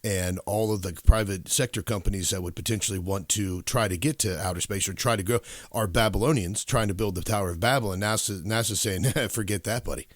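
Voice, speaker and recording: A man hosting a podcast interview, asking his guest questions in a halting way with restarts. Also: on the low side, no echo, studio quality. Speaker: podcast host.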